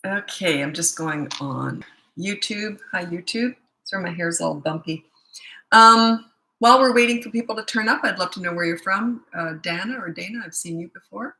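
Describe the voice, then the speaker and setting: A woman's voice: on the low side, normal speed, pushed and bright. A middle-aged woman from Canada, a tired parenting coach chatting casually with viewers on a livestream and reading out their comments. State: tired, low energy. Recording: echoey room.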